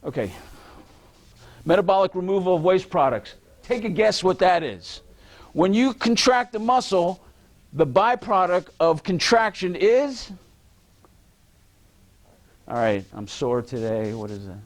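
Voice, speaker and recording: A male lecturer speaks to a university class in a lively, animated voice that sits a little high. He keeps things loose, teasing students and throwing questions out to the room. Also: a little slow, pauses often. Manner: lively, joking, quizzes the audience. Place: lecture hall.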